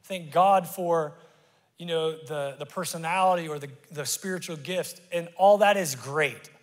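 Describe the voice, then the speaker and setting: A middle-aged man preaching a sermon as pastor, conversational and animated with sudden loud bursts. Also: on the high side, unhurried. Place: church sanctuary. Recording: long church-hall reverb.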